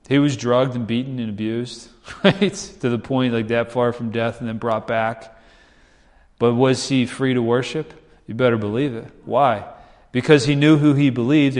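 A man's voice: mid-range voice, darkish tone, big-room sound. A man preaching a sermon with fervent, emphatic repetition that rises in bursts. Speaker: pastor.

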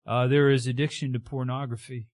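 A man preaching a conversational, animated sermon who keeps checking in with his listeners. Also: medium pitch, brisk, no echo, studio quality.

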